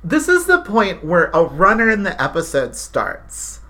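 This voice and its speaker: Podcast co-host, casual analytical chat, very lively pitch swings, mid-range voice. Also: measured pace. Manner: analytical, expressive, teasing. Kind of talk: casual chat recapping a TV episode.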